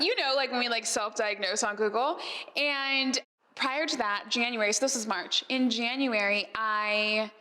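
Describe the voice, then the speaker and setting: This podcast host from Arizona sounds a little high, unhurried, pushed and bright as she answers audience questions at a live event. Her storytelling is chatty, full of "like" fillers and laughs, and the recording carries long reverb from the hall.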